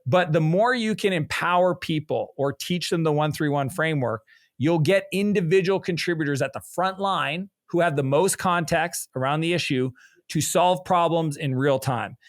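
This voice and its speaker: A middle-aged man with a slightly raised speaking voice talks as a business coach, telling stories with energy. He slips into lively quotes of other people as he goes. The sound is close and dry, with no room around it. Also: on the high side, normal speed, dry recording. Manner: energetic storyteller, animated quoting of others. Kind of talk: conversational interview.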